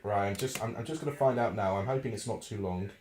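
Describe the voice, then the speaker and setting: A man hosting a live football watchalong, excitable and flustered, swinging between ranting and calm analysis over a desk microphone. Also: lowish voice, quick pace, roomy sound, slight background noise. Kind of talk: live match commentary and chat.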